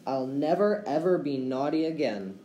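A man's voice: a little high, expressive, normal speed, mellow, close to an everyday voice. A bold, curious little girl from a bedtime story, as a male narrator puts her on. The voice sits in a roomy space with a faint hum behind it. It is read in a light, playful way. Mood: tearful.

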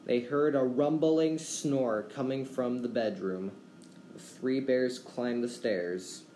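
A man reading a children's fairy tale aloud as a storyteller, with gentle, expressive delivery. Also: mid-range voice, slow pace. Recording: roomy echo, faint background hum.

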